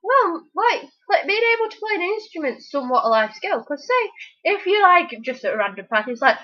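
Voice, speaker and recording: A woman's voice: extremely high pitch, sing-song, fairly quick. A teenage girl chatting casually and giving rambling, opinionated answers full of fillers. The recording is a dull, lo-fi home recording. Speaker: interviewee. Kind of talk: casual chat.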